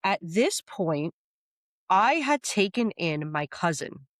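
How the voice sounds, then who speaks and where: A woman guest on a podcast telling her life story candidly, animated, acting out what people said and swearing freely. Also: lowish voice, slow pace, dry recording.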